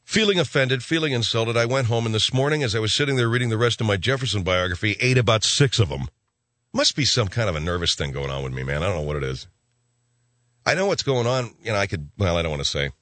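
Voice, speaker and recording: A male talk radio host rambles through his monologue, gruff and sarcastic. His bright voice rises and falls a lot as he riffs. The sound is dry and close, with no room around it. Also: fairly low pitch, expressive, quick pace, dry recording.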